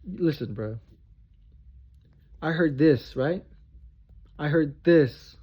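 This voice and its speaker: A man's voice: fairly high pitch, expressive, extremely slow, long pauses, breathy edge. A man delivering a heated, profane, confrontational monologue rant straight to his viewers, repeating himself for emphasis. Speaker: vlogger. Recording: dull lo-fi recording.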